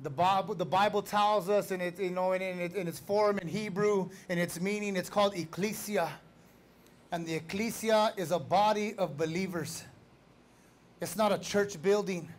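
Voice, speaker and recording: A man preaching a sermon as pastor, fervent and conversational, building up to shouts. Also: high voice, fairly even intonation, normal speed, slight background noise.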